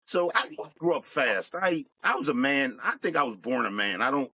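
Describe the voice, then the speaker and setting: Middle-aged guy, bright tense voice, dry close sound, slow reflective storytelling. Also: mid-range voice, big pitch swings, husky, no room sound, poor audio. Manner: plain, reflective, unhurried. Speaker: guest. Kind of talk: personal storytelling.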